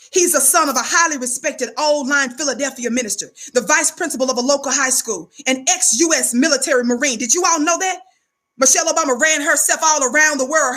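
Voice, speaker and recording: A woman's voice: high-pitched, bright, forceful tone. A woman giving impassioned commentary in a preachy, indignant way, calling on listeners to answer back. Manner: preachy, indignant, call-and-response.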